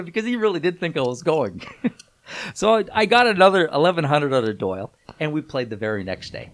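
A middle-aged man, a guest on a show, telling a rambling story with many restarts and getting loud when excited. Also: fairly high pitch, a little fast. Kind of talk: casual anecdote telling.

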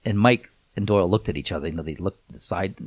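A middle-aged man, a guest on a show, telling a rambling story with many restarts and getting loud when excited. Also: low voice, fast talker. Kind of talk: casual anecdote telling.

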